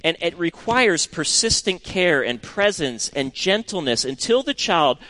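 A middle-aged man preaching a sermon and reading scripture, earnest and expressive, sometimes dropping to a hushed tone for emphasis. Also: fairly high pitch, unhurried.

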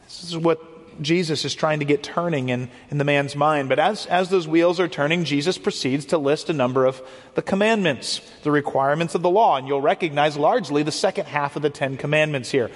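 Earnest preacher in a reverberant hall. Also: male voice, fairly high pitch, fairly quick. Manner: earnest, explanatory preaching with frequent repeated words. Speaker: pastor. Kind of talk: sermon.

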